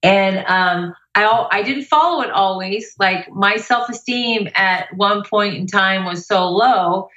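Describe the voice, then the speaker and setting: A middle-aged woman with a bright, forceful voice tells a lively story as a motivational speaker. She sounds upbeat and energetic, and her voice carries through an echoey room. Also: mid-range voice, a little slow, hardly any pauses, dull audio. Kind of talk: casual interview storytelling.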